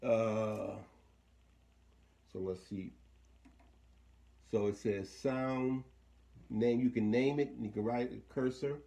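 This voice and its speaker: A man's voice: medium pitch, steady tone, takes it slowly, creaky, pauses often, dark tone. A man talking casually through a hands-on equipment demo, thinking aloud and trailing off mid-sentence. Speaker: equipment demonstrator.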